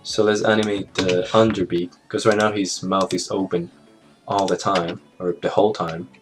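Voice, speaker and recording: A man walking through an animation software tutorial in a casual, think-aloud way, with fillers and small jokes. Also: low voice, little pitch movement, moderate pace. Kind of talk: screen-recorded software tutorial narration. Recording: clear background music under the voice.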